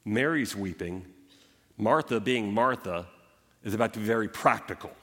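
A male pastor preaching a sermon, retelling scripture with animated storytelling and emphatic rises and drops. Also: on the low side, normal speed, big-room sound. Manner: animated storytelling preaching, voicing Bible characters.

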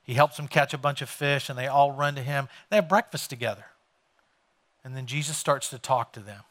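Bright-voiced male pastor preaching. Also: mid-range voice, a little fast. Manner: conversational storytelling, retelling scripture in everyday words. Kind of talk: sermon.

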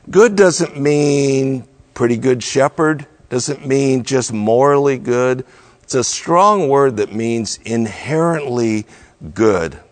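A man preaching a sermon, slow and measured, building his points through repeated phrases. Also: medium pitch. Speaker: pastor.

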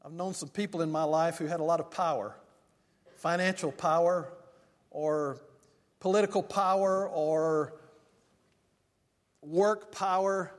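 An older male pastor preaches in a church sanctuary, telling homely stories and drawing out key lines slowly. His voice sits high for a man. A long reverb trails after each phrase. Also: fairly even intonation. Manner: folksy storytelling preacher, slows for emphasis. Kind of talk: sermon. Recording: long reverb of a large hall.

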